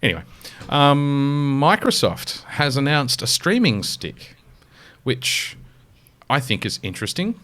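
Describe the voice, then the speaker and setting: A man's voice: medium pitch, sing-song, slow pace, fairly bright tone. A man with an Australian accent co-hosting a podcast, rambling enthusiastically and swearing casually as he chats. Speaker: podcast co-host. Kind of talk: casual chat.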